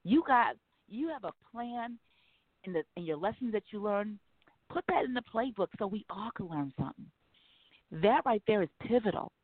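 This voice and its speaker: A woman hosting a casual talk radio show, speaking frankly and profanely with animated storytelling. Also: medium pitch, moderate pace, no room sound. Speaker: host. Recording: dry phone-like line.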